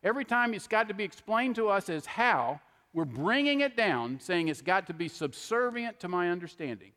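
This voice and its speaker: High-pitched man, middle-aged, conversational preaching, reverberant hall. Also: big pitch swings, normal speed, pushed and bright. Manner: conversational preaching with frequent "okay?" asides. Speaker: pastor. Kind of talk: sermon. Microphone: handheld microphone.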